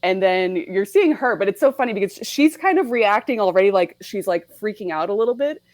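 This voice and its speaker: A young adult woman, a podcast guest, chatting casually and with animation, laughing often and slipping into quick put-on voices. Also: mid-range voice, expressive, a little mellow, dry recording, rough recording. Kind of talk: casual chat about a film.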